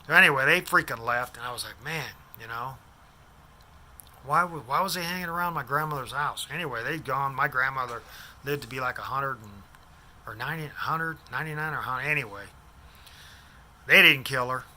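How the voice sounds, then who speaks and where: Sharp-voiced rambling man. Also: mid-range voice, brisk. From Des Moines, Iowa. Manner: rambling, loses names, restarts sentences. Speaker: vlogger. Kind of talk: rambling personal storytelling.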